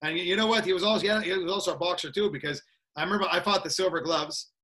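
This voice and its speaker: A combat sports trainer appears as a guest on a podcast for a casual interview chat. He's energetic yet laid-back, with a bright, high-pitched, racing voice, laughs a lot, and keeps repeating "that's it."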